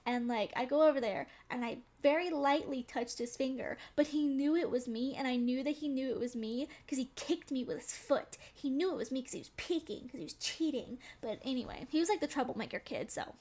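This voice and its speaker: High-voiced chatty young woman streamer. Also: fairly quick, hardly any pauses, darkish tone. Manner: chatty, frank, swears casually; calls herself very sensitive. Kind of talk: casual storytelling chat.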